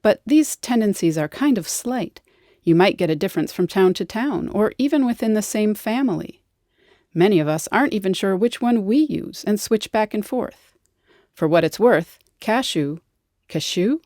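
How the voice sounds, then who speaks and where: A woman's voice: mid-range voice, expressive, moderate pace, warm tone, no room sound. A woman narrating a scripted educational explainer with a wry, lightly playful delivery, recorded on a close studio mic.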